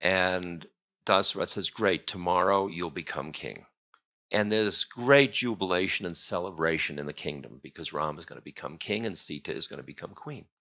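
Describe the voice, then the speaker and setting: Man telling an old tale, bright and casual. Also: low-pitched, brisk. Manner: casual, meandering, chuckling asides. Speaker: spiritual teacher. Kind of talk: storytelling lecture.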